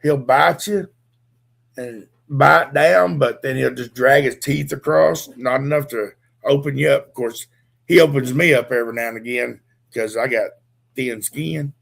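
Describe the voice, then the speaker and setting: Gravelly, bright-toned middle-aged man. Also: mid-range voice, unhurried. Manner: rambling, laid-back storytelling. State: dry mouth. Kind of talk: casual chat.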